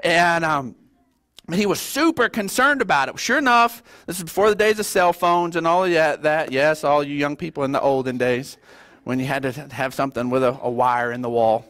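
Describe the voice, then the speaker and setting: A middle-aged man, preaching a sermon as a pastor, telling stories in a folksy, animated way with stammered restarts. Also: fairly high pitch, moderate pace. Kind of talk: sermon with storytelling.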